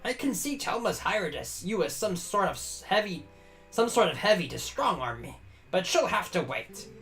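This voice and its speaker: A man voicing a gruff, evasive older town doctor in a video game reading. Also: high-pitched, big pitch swings, moderate pace, a bit bright, faint music behind.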